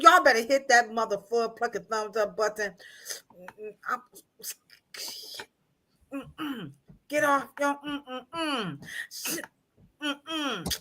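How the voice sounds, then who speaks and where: Loud, animated woman livestream co-host. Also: on the high side. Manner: loud, laughing, dramatic outbursts. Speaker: podcast co-host. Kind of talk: casual livestream chat.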